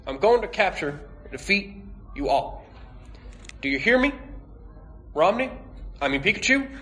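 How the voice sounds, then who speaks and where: A man playing a young trainer as a calm, halting politician impression at a live comic script read. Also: high voice, voice pushed up. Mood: grandiose. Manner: slow, halting speechmaker cadence.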